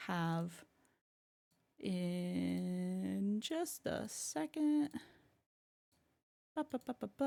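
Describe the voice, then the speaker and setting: A woman streamer chatting with her audience in a relaxed, unhurried way. Her voice sits at a middle pitch, and she rambles along cheerfully, giggling often between thoughts. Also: gravelly. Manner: bubbly, giggly and rambling, often laughing mid-sentence. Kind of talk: casual live-stream chat.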